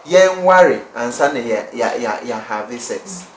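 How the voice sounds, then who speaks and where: A man on a discussion panel who talks haltingly, repeating himself as he searches for words. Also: mid-range voice, expressive. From Ghana. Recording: echoey room with faint noise.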